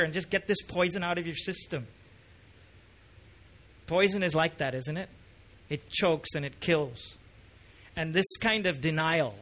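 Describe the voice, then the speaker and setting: A middle-aged male pastor preaching with a high, bright voice. He moves from relaxed, conversational storytelling to passionate, emphatic preaching. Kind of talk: sermon.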